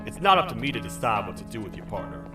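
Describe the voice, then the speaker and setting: A man voicing a gruff, suspicious toad sheriff in a video game. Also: on the low side, big pitch swings, rapid-fire, recorded from a distance, over music. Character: gruff male toad sheriff of a buried kingdom.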